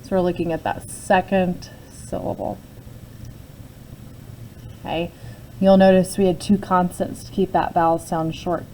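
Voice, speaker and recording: Brief: woman teacher, lower mellow voice, patient step-by-step phonics lesson, faint noise behind. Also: flat delivery, a little slow, long pauses, rough recording. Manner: patient, explains step by step with frequent "okay?" check-ins. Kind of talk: phonics lesson, talking through a word sort.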